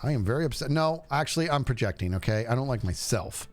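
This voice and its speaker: A man's voice: mid-range voice, lively intonation, fast, faint music behind. A man streaming a game, chatting casually and rambling to his viewers. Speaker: livestreamer. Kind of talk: casual gameplay stream chat.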